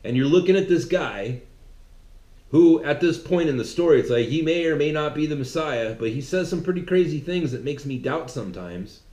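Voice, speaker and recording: Man, sermon-style monologue, mocking, animated, slightly high voice, echoey room. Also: normal speed. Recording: roomy echo.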